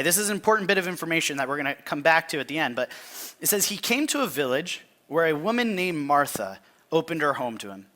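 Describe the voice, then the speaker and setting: A man delivering a sermon in a loose, chatty way, stumbling over restarts and stopping to have the congregation mark up their text. His voice is bright and forward, and it rises and falls a lot. He sits a little high for a man. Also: big pitch swings. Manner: conversational, halting restarts, asks listeners to mark the text. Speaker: pastor.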